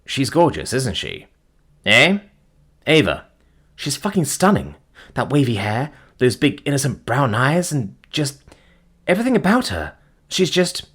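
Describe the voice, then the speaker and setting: A man's voice: mid-range voice, huge pitch swings, measured pace, long pauses, fairly bright tone, breathy edge, voice pushed up, full character voice. A man voicing an angry, bitter young man who swears and sneers sarcastically. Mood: mocking.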